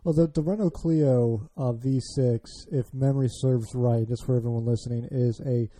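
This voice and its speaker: A man's voice: medium pitch, fairly even intonation, normal speed, warm tone. An American man hosting a car podcast, chatting casually with frequent restarts. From United States. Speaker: podcast host. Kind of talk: casual chat.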